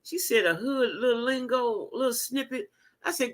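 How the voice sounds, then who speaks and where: A woman in her fifties telling a story in a casual vlog, animated and emphatic, laughing as she talks. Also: a little high, normal speed. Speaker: vlogger.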